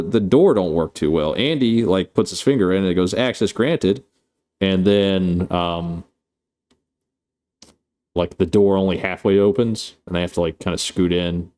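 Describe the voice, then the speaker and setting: A man's voice: low-pitched, a little mellow. A man on a live stream, chatting casually and swearing as he recaps a film. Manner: rambling, profane, playful.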